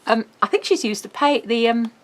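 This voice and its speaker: A woman's voice: on the high side, lively intonation. A middle-aged woman, presenting a craft album in a casual, bubbly walkthrough. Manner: chatty, bubbly, quick laughs.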